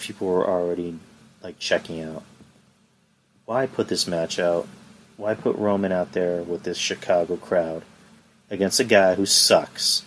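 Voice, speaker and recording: A man's voice: low voice, fairly bright tone, slight background noise. A man hosting a solo wrestling review podcast from home, ranting in exasperation and firing off rhetorical questions. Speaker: podcast host.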